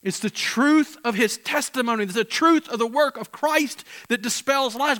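A man preaching a sermon with passion, swinging from loud emphatic peaks to quiet, intense moments and often repeating words as he restarts phrases. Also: very high-pitched, normal speed, hardly any pauses. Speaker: pastor.

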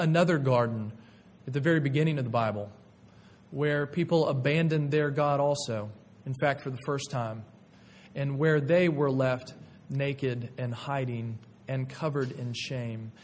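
A man preaching a sermon, retelling a story with lively, expressive delivery and quoted voices. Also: a little high, slight background noise. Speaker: pastor.

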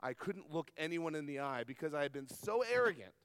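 A man preaches to a gathered audience, pitched high for his sex, telling stories from his own life with earnest conviction. He turns often to the crowd with questions. The close, dry voice is followed by a long reverb tail from a large meeting hall. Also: lively intonation, brisk, clean tone. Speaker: pastor. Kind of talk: sermon.

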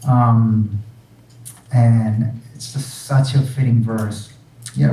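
A man, a pastor, delivering an earnest sermon, pressing hard on some phrases and dropping to a hush on others. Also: mid-range voice, echoey room, recorded from a distance, poor audio. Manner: earnest, emphatic preaching with soft hushed drops on key phrases.

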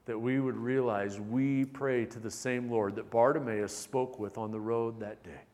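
A man preaching a sermon as a pastor, animated, shifting between loud emphatic bursts and soft, intimate passages. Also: medium pitch, unhurried, in a large hall.

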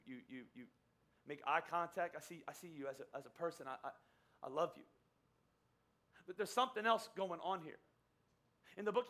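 A middle-aged man preaches in a high, bright voice. He tells his story conversationally from the pulpit and slips into the voices of the people he quotes. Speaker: pastor. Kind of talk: sermon with personal story.

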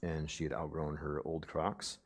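Young guy preaching, gets loud then drops way down quiet, keeps asking "right?". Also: a bass voice, flat delivery, normal speed. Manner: swings from loud emphatic passages to hushed near-whispers; conversational, with frequent "right?" asides. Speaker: pastor. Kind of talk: sermon.

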